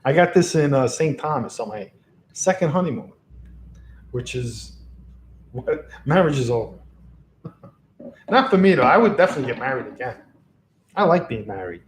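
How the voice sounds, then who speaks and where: His medium-pitched voice is very animated, moving at a moderate pace broken by long pauses. He's a man livestreaming casually from a lamp-lit home room, rambling and chuckling often into an XLR microphone on a box, with a little hiss or hum present.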